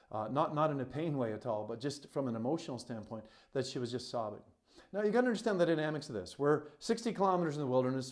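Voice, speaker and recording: A man with a mid-range, darkish voice, a coach and retreat facilitator, tells a personal story to camera. He speaks earnestly, emphatically, and from the heart, sprinkling in plenty of "you know."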